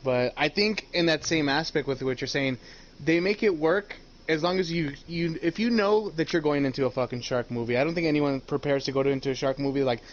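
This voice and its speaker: A man's voice: fairly high pitch, brisk. A man co-hosting a podcast, talking in a laid-back way and swearing casually. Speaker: podcast co-host. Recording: dull lo-fi mic with faint hiss.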